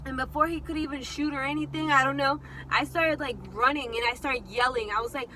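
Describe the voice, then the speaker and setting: A young woman telling a story casually while eating, chatty and animated with lots of fillers. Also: high voice, fairly quick, few pauses, a little hiss or hum, rough recording. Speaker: vlogger.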